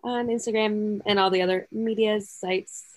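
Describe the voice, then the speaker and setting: A woman guest on a podcast, chatting casually with quick sarcastic asides. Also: mid-range voice, steady tone, poor audio. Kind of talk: casual chat.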